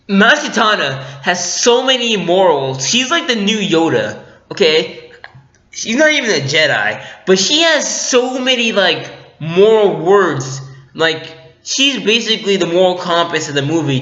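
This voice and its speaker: A man's voice: sits high, pushed and bright. A man giving a casual, rambling movie review with lots of filler words, recorded on a dull lo-fi mic in an echoey room.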